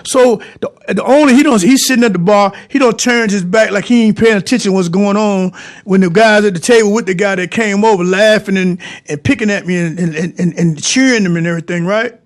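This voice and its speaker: A man with a very high voice tells his viewers a personal story. He rambles, doubles back on his phrases and speaks to the audience directly. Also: fairly quick.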